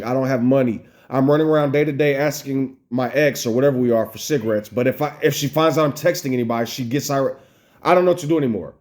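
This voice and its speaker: A man's voice: mid-range voice, darkish tone. An American man venting in a personal vlog, upset, rambling and swearing as he talks. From United States. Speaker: vlogger. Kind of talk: emotional personal vlog rant.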